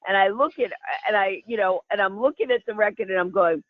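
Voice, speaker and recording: A woman's voice: mid-range voice, a little fast, dry recording. A comedian from New York City telling a funny story, acting out the voices of the people she quotes. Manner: animated, acts out quoted voices. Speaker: guest, comedian. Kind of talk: comic storytelling. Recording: tinny phone line, dry.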